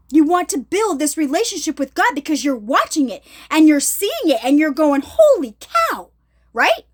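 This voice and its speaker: A middle-aged woman giving an emphatic, casual testimony vlog from her ministry, checking in with her viewers often. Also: high voice. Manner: emphatic, addresses viewers directly with repeated check-ins. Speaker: ministry vlogger.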